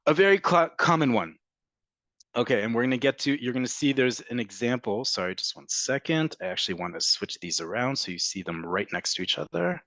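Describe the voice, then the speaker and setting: A man's voice: mid-range voice, animated, a bit bright, no room sound. Man teaching, dry close sound. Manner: patient, repeats words slowly to model pronunciation. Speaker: Hebrew teacher. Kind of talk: online class explanation.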